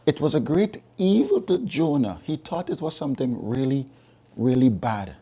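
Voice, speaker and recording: Male preacher with a mellow, husky voice, emphatic, repeats points for weight. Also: medium pitch, sing-song, normal speed. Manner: emphatic, repeats key phrases, reasons with listeners. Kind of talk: sermon.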